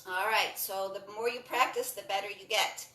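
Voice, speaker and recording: Calm woman guiding a breathing workout. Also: medium pitch, moderate pace, recorded from a distance, a little hiss or hum. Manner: calm, encouraging, repeats cues. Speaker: breathing and movement instructor. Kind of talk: guided exercise instruction. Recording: roomy sound from off the mic.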